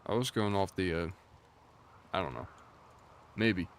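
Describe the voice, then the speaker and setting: Chatty low-voiced male game streamer. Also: expressive, a little slow, background noise. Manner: rambling, chatty, reads and answers chat. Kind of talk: casual livestream chat.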